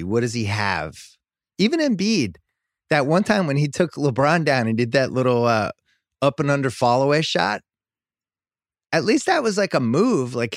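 A man's voice: medium pitch, dry recording. A man hosting a podcast in a studio, chatting casually about sports and prodding his guest with questions. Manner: conversational, probing questions, pushes the talk along. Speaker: podcast host.

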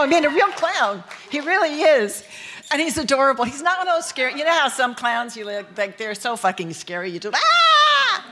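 A woman's voice: fairly high pitch, a bit bright. A woman from the United States telling a bawdy personal story on stage, candid and laughing as she goes. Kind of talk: live storytelling performance.

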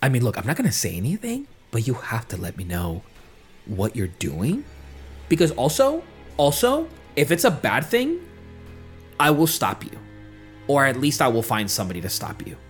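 A man's voice: medium pitch, huge pitch swings, moderate pace, faint music behind. A man voicing a female elf partygoer who is flustered, apologetic and stammers nervously. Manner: stammering, fussy, nervously polite.

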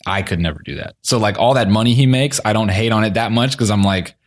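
A man chatting casually on a podcast, telling an animated story, acting out quotes, swearing often and laughing a lot. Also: lowish voice, fast talker. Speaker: comedian co-host.

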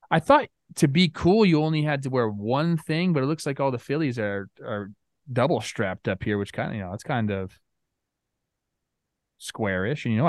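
A male co-host in easygoing sports chat, his voice in a middle pitch range. He rambles along casually, with lots of "like" and "you know." The sound is dry and close. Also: dry recording. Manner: relaxed, rambling, with filler words. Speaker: baseball show co-host.

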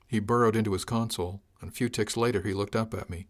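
A man narrating a science fiction audiobook in the first person, dry and steady. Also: lowish voice, quick pace.

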